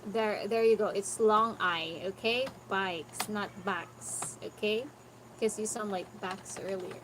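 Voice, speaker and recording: Slow-paced patient woman tutor. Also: medium pitch, fairly even intonation. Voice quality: patient, corrective, repeats words slowly for the student. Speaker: English tutor. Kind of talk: online pronunciation lesson. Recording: noticeable background noise.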